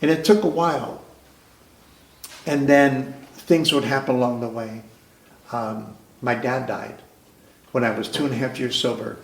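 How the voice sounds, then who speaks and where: A man sharing his personal recovery story at a meeting, earnest and halting, often restarting his sentences. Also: mid-range voice, steady tone, vocal fry. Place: recovery club meeting room. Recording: roomy club meeting hall.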